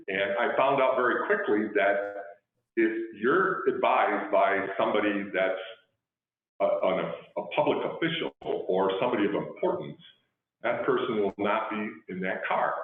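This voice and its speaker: A middle-aged man with a fairly low voice, talking about his police work and acting out both sides of old conversations. The sound is thin and phone-like, with a lot of echo. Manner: conversational, acts out dialogue in his anecdotes. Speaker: guest speaker, police chief. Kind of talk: storytelling talk. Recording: tinny phone-like line with heavy echo.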